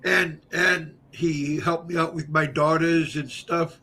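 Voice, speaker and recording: An older man hosting his own channel, chatting casually in a halting way, repeating words and pausing on fillers. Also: a little high, fairly even intonation, sharp tone. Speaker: channel host. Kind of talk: casual livestream chat.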